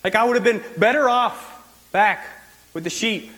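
A male preacher voicing an anxious, reluctant leader who pleads and complains in a whiny, high voice. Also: moderate pace, bright, forceful tone, big-room sound. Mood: complaining.

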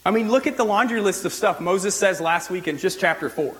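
A man's voice: sits high, a little fast, rough recording. A male pastor giving a sermon in a loose, conversational way, often saying "like" and restarting his sentences. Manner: conversational preaching with frequent "like" and restarts.

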